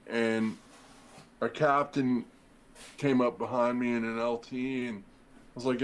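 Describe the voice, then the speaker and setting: On poor audio with a faint hiss or hum, a middle-aged former firefighter appearing on a podcast tells a long, meandering story. His medium-pitched voice stays steady and moves a bit slowly, with long pauses. He voices the quoted lines himself and uses plenty of fillers.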